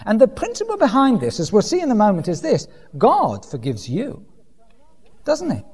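A man's voice: high-pitched, huge pitch swings, moderate pace, husky. A man preaching a sermon in a church hall, acting out quoted voices with dry humour. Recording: long hall reverb.

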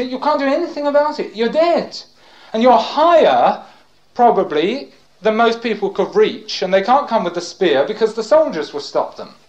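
In a low-quality recording, an older man with a high voice delivers a fervent sermon, reading scripture aloud. He interrupts himself with praise and moves from loud cries to quiet, hushed passages.

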